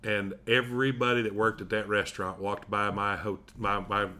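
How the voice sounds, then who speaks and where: A man's voice: lowish voice, moderate pace. A middle-aged man from Tennessee with a Southern accent, telling stories in casual chat. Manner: folksy, animated storyteller.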